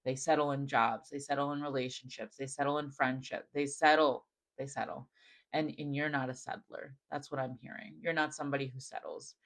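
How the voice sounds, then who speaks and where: A man giving a channeled spiritual message straight to the viewer, gentle and affirming, repeating phrases and using many "like" fillers, often dropping to a soft hush. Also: medium pitch, level tone, a little fast, hardly any pauses, poor audio.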